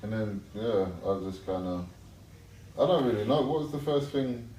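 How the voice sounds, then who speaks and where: Brief: relaxed, hesitant male guest, deep and mellow, roomy distant sound. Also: normal speed. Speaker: interview guest, son. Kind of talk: casual interview chat. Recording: echoey room, mic far off, faint noise.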